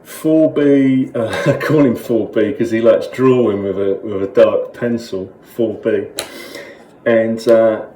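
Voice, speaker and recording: A man's voice: lowish voice, steady tone, takes it slowly, mellow, roomy sound, slight background noise, voice pushed up, low-quality recording. A man voicing a chatty male carp with a Cockney East London accent, rambling through a comic monologue to camera. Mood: matey. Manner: rambling, matey storyteller.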